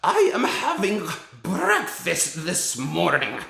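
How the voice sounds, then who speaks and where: A man's voice: sits high, huge pitch swings, takes it slowly, vocal fry, bright, forceful tone, echoey room, pitched above the performer's own voice, full character voice. A man voicing a tyrannical female witch with a screechy, put-on Slavic accent and rolled R's. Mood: furious shrieking. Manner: shrieking, commanding, theatrical.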